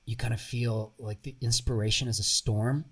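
A young Bulgarian-born man speaking with an American accent. He is an actor telling stories as a guest in a casual interview, animated and sometimes swearing. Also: mid-range voice, moderate pace, slightly rough. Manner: animated storyteller, swears, laughs often. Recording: voice a bit far from mic.

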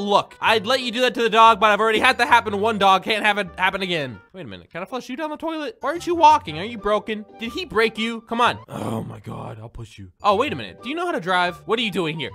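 High, lively young man joking over gameplay. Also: fairly quick, faint music behind. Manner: jokey, excitable, yells at other players. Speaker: gaming YouTuber. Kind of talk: comedic gameplay commentary.

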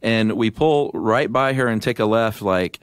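A middle-aged man co-hosting a podcast, telling a story in a casual, animated way on a studio microphone. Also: fairly low pitch, measured pace, clear, resonant tone, no echo. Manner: animated storyteller with restarts and laughs. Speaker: podcast co-host.

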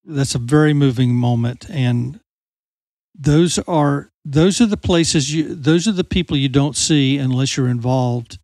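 A man's voice: mid-range voice, unhurried, darkish tone, no room sound. A man hosting a ministry podcast, a former youth pastor, asking questions and adding reflective, preacherly comments. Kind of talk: casual interview talk.

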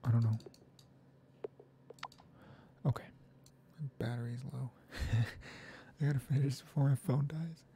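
Gravelly, soft-spoken gamer thinking aloud. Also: mid-range voice, steady tone, normal speed, slight background noise. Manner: thinking aloud, rambling, half-whispered muttering. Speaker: gaming video creator. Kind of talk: soft-spoken gaming commentary.

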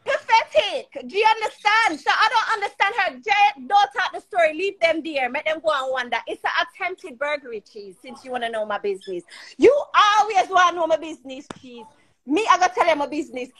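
A woman's voice: sits high, fairly bright tone. A woman, arguing and cursing on a live stream, boastful and confrontational. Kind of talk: heated live-stream argument. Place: at home in the UK.

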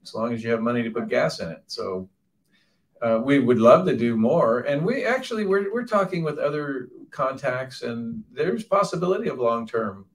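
A man, the film's director, answering audience questions at a live Q&A with relaxed storytelling and halting restarts. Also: mid-range voice, far from the mic. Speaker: film director and writer.

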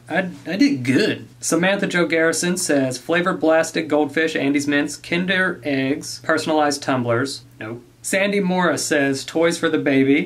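A man chatting casually to his camera as he opens fan mail, teasing his viewers and breaking into excited yelps. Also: fairly high pitch. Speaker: vlogger opening fan mail.

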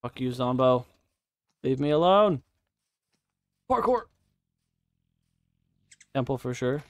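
A man's voice: mid-range voice, moderate pace, dry recording, clean studio sound. A man giving casual, profane live commentary while playing a game, chatting to himself and his viewers. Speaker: streamer.

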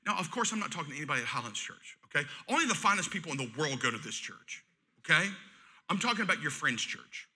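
Man, middle-aged pastor, folksy sermon, high voice, sharp bright tone. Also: quick pace, husky. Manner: folksy, joking and animated preaching.

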